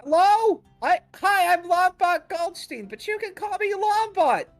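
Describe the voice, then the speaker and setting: An eager, bubbly adventurer with a lively, high voice, voiced by a player. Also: unhurried, faint music behind, heavily acted. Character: eager, chatty adventurer introducing themselves.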